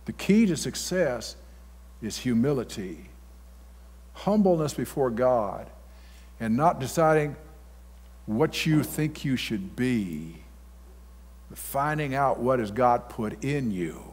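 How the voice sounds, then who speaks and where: Pastor guy preaching, blunt and folksy, big echoey church hall, average pitch. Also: expressive, slow, pauses often, husky. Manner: folksy, blunt preaching with sudden loud outbursts. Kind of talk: sermon. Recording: long reverb of a church hall.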